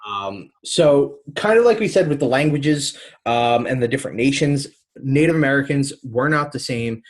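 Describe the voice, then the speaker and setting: A man's voice: medium pitch, lively intonation, moderate pace. Casual, hesitant man podcast co-host. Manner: loose, hesitant, many "um" and "like" fillers.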